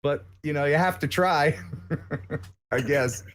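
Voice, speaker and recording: A man's voice: fairly high pitch, slow. An American man chatting casually as a guest on a live stream, rambling and joking with lots of filler words.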